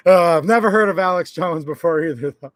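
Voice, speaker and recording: Jokey male streamer chatting with viewers; high, gravelly tone, recorded dry. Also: dry recording. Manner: laughs a lot, reads chat aloud, jokey. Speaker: livestream host. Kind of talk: casual live-stream chat.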